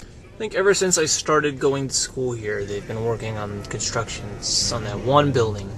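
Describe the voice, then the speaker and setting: A young man talking casually to his handheld camera in a daily vlog, chatty and excitable, breaking into squeals. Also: mid-range voice, normal speed, a crowd in the background. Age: young adult. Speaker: vlogger. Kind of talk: casual daily video blog. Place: at home, in a car and outdoors on campus.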